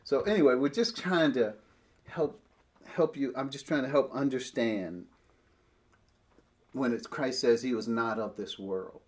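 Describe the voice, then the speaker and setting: A man teaching a Bible passage, explaining it step by step, reading verses aloud slowly, with frequent restarts. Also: mid-range voice. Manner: restarts and repeats words often.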